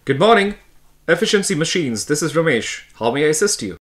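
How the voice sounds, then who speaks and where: A man's voice: on the high side, sing-song, a little fast, a bit bright. A man with an Indian English accent playing a polite male call-center agent who apologizes and reassures a customer. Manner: courteous, reassuring.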